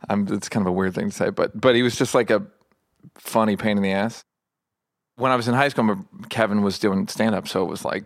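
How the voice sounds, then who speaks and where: A middle-aged man with a low, gravelly voice talks candidly as an interview guest, his thoughts rambling and restarting, full of dry self-deprecation. The sound is close and dry, with no room around it. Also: a little fast, no echo.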